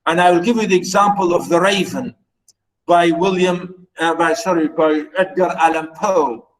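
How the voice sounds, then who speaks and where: A man's voice: on the high side, normal speed, low-quality recording. A man giving a university literature lecture, earnestly paraphrasing verse and circling back over his words with many fillers and restarts. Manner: earnest, repeats and rephrases lines of verse.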